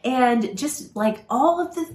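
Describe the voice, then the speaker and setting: A woman co-hosting a podcast, talking in a chatty, quick way and giggling often. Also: high-pitched, lively intonation, darkish tone. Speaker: podcast co-host. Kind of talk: casual chat. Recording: roomy echo.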